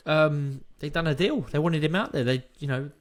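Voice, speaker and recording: A man, a former boxer co-hosting a podcast, telling stories in an animated, swearing, laughing chat. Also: a little high, normal speed. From England. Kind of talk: casual storytelling chat.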